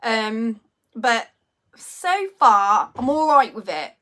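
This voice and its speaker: A woman in her forties talks casually on a live stream, reading and answering viewers' messages. Her voice sits a little high, and she rambles with plenty of fillers. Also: big pitch swings, slow pace. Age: 40s. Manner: chatty, rambling, warmly reacting to viewers' messages.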